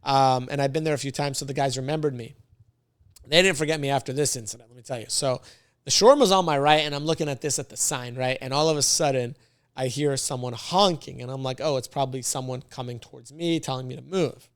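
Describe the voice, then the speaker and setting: A man from the United States, a podcast guest, telling a story in a casual, animated, slangy way and laughing often. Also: medium pitch, quick pace, dry recording, studio quality.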